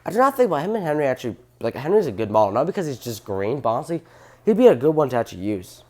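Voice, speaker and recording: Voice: medium pitch, sing-song, rapid-fire, warm tone. A train fan hosting a casual commentary video, talking enthusiastically in a rambling way and often stopping to correct themselves. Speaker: train fan channel host.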